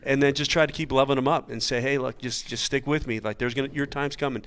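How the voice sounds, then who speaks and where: A man coaching baseball, talking on a coaches' panel in a halting, searching way, often repeating words. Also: medium pitch, a bit bright. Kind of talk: casual panel chat.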